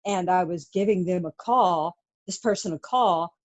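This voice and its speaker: Animated middle-aged woman telling stories. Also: fairly low pitch, normal speed. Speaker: true crime author, guest. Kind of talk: casual interview storytelling.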